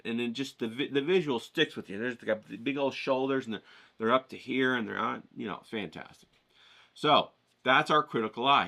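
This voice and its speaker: A man hosting a writing challenge, giving an energetic, casual pep-talk lesson full of swearing and storytelling. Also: mid-range voice.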